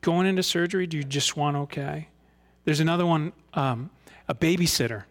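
A middle-aged male pastor with a voice pitched a little above the usual, preaching in a relaxed, conversational way. He moves between reading scripture aloud and earnest, folksy commentary. He often puts rhetorical questions to the congregation. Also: a little fast.

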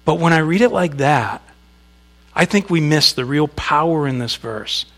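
A man's voice: a little high, animated, moderate pace, fairly bright tone. A man preaching a sermon, speaking conversationally to the congregation with asides and reading scripture with emphasis. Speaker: pastor.

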